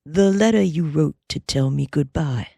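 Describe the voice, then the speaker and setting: A woman voicing a grave, gentle young cowpuncher who talks in plain folksy Western speech, slow and earnest. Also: sits low, vocal fry, dry recording, clean studio sound.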